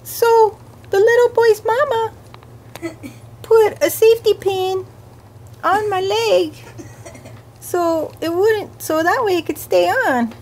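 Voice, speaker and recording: A woman voicing Elmo, a cheerful little furry monster, squeaky and giggly, wailing dramatically during a playful home puppet game. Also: slow, long pauses, a little mellow, slight background noise, exaggerated voice. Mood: silly distress.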